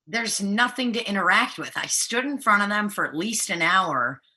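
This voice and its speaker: A woman's voice: medium pitch, lively intonation, moderate pace, pushed and bright, husky. A woman co-hosting a podcast over a video call, talking in a blunt, profane and mocking way. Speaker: podcast co-host. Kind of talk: crude casual chat.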